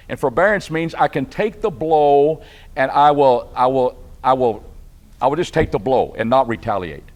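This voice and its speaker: A man with a Texan accent teaching a church Bible class, conversational and asking his listeners questions. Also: medium pitch. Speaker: preacher.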